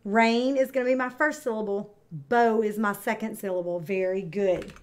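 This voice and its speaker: A woman teaching kindergarten, speaking slowly and clearly with encouraging, drawn-out words for young children. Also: medium pitch, steady tone. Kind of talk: read-aloud lesson for young children.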